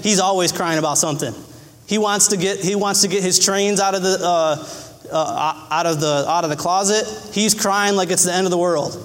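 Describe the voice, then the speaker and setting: With a slightly bright voice and a long reverb tail, a male preacher delivers an earnest sermon, frequently repeating phrases and voicing cries in a high pitch.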